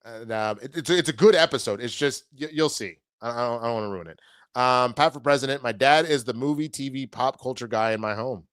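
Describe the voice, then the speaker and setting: A man's voice: medium pitch, a little fast, a bit bright, dry recording. A man hosting a casual show, reading viewer comments aloud in a laid-back way. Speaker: show host reading live chat. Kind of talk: casual chat.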